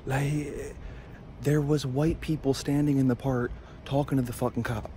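A young vlogger films himself on a hand-held phone in his car at night, ranting angrily with constant swearing and restarted sentences. His mid-range voice stays fairly level in pitch at a normal speed, with a dark tone and a little hiss or hum.

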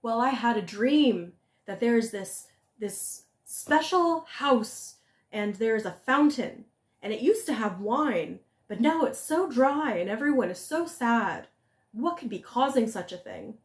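A woman voicing the devil's old mother, a sharp-tongued but caring figure who scolds and coaxes, in a storybook telling. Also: fairly high pitch, expressive, a little slow. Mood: coaxing. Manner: scolding, coaxing. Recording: echoey room.

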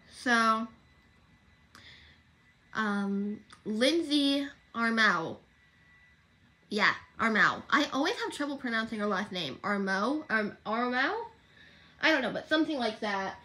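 Chatty higher-voiced girl rambling on livestream. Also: expressive, slow pace, pauses often, sharp tone. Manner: rambling, self-correcting, chatty. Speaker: livestream host. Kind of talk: casual rambling livestream chat.

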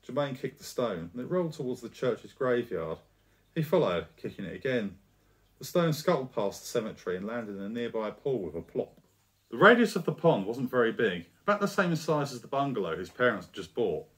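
A man narrating a scripted story in a steady, descriptive reading. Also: medium pitch, fairly quick.

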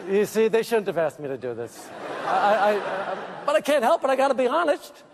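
A man's voice: sits high, animated, a little fast, background noise. A man giving a comic roast speech at an awards tribute, whiny and mock-apologetic, kvetching on stage. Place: large theater at an awards event. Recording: reverberant theater hall with audience. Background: audience laughter.

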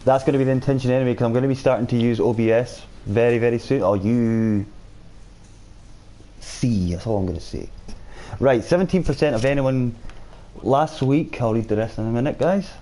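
A man of middle pitch with a warm, mellow tone talks casually through a live game stream. He chats easily with his viewers, answering their comments as he plays. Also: a little fast. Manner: chatty, reads and answers viewer chat while playing. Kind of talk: casual live-stream chat over gameplay.

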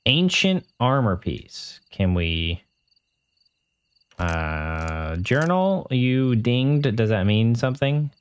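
Man, let's play host, casual gameplay chatter, self-mocking, mutters reactions, mid-pitched voice. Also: sing-song, extremely slow, clean tone.

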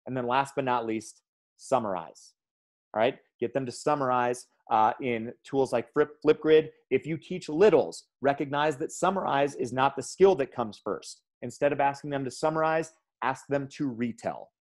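A man speaking to teachers in a training talk, an emphatic and energetic storyteller who calls his audience "guys". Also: mid-range voice, normal speed. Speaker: education speaker.

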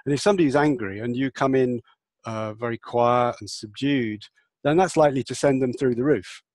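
A man talking as an interview guest about empathy, earnest and explanatory, often adding "yeah" and acting out lively replies. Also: mid-range voice, normal speed, no echo. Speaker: guest, empathy and communication teacher. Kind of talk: conversational interview talk.

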